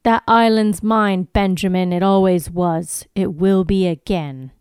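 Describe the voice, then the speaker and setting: A woman's voice: mid-range voice, fairly even intonation, a little slow, darkish tone, clean tone, no echo, studio quality, lightly acted. A woman voicing a menacing older British male tycoon, reading lines theatrically on a podcast. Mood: defiant. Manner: theatrical, reads lines then laughs. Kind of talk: podcast scene read-aloud.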